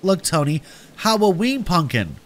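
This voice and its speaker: A man voicing a small, excited five-year-old boy with a squeaky voice. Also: measured pace, exaggerated voice.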